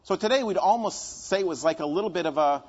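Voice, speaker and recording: A man's voice: sits high, expressive, fast, a little mellow, highs cut off. A man preaching a conversational sermon, asking his congregation questions and answering them himself.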